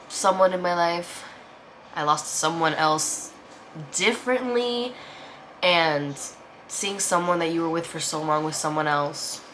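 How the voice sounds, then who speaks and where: A woman's voice: lowish voice, fairly bright tone, slight background noise, rough recording. Candid young woman venting in a vlog. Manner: candid, emotional, swears freely, lots of "like". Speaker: vlogger. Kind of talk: casual storytime over a meal.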